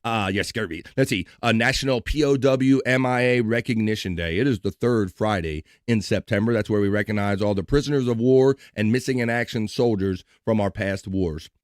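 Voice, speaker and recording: A man's voice: fairly low pitch, fairly quick, few pauses, no room sound, clean studio sound. A man hosting a live stream, chatting casually and joking, at times singing along. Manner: energetic, jokey, sings along.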